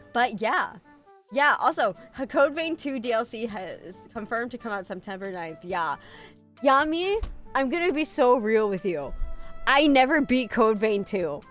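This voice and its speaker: A woman's voice: on the high side, measured pace, faint music behind. A woman streaming as a VTuber, chatting casually with her viewers, swearing freely and joking about herself. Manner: animated, swearing, self-mocking, reads chat aloud. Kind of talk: casual live-stream chat.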